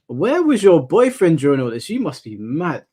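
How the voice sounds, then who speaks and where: A man's voice: a little high, very animated, moderate pace, dark tone, slightly rough. A man hosting a casual podcast, talking in a blunt, incredulous and slangy way. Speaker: podcast host.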